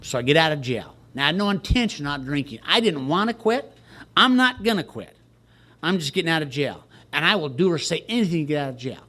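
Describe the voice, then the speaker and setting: Older guy telling his recovery story, higher voice, dry jokey self-mocking delivery. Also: animated, rapid-fire, few pauses, pushed and bright. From Texas, USA. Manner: wry, joking storyteller who laughs at himself. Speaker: recovery speaker at a retreat. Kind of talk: personal recovery story told to a crowd.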